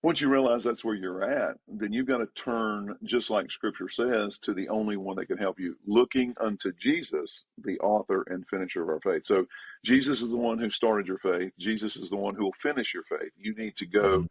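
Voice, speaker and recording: A male pastor talks in a relaxed podcast conversation at a moderate pace, his husky voice emphatic and repetitive, pitch leaping upward whenever he drives a point home. There's no room sound.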